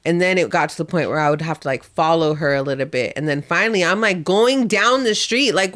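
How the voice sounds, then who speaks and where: A woman's voice: lowish voice, a little fast, few pauses, a bit bright. Young woman podcast cohost, chatty storyteller, does little voices for quotes, laughs a lot. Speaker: podcast co-host. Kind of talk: casual chat.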